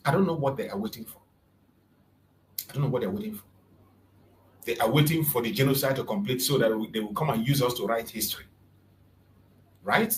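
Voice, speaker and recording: This political commentary comes from a channel host from southeastern Nigeria, speaking fervently and emphatically while repeating his arguments for force. His voice is medium-pitched, and the low-quality recording has a bit of background noise.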